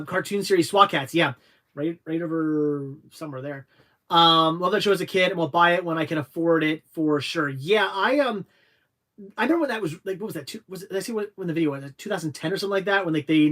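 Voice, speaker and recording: A young adult man hosting a casual livestream, reading viewer questions aloud and answering in a halting, rambling way. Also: fairly high pitch, a bit bright. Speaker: livestream host answering chat.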